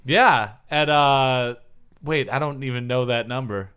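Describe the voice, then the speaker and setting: A young man co-hosting a casual comedy sports podcast, joking with mock-blunt, deadpan jabs. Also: medium pitch, measured pace, smooth. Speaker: podcast co-host.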